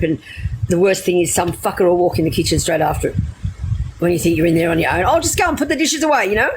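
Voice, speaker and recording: A woman's voice: fairly low pitch, noisy background. A middle-aged Australian woman telling stories to her live viewers in a blunt, laughing way, swearing freely. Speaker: livestreamer. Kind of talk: casual storytelling to live viewers.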